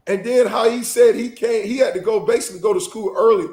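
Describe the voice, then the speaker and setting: A man from South Florida co-hosting a casual sports talk show, animated and joking, often exclaiming. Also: high voice, quick pace, roomy sound. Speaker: co-host.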